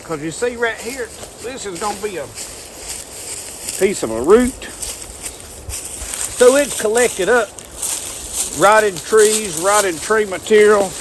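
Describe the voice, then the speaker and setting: A man's voice: sits high, slow, long pauses, background noise. A man, rambling folksy as he talks to the viewer through a camera mic outdoors in the woods. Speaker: outdoor vlogger. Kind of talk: casual outdoor demonstration. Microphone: handheld camera mic.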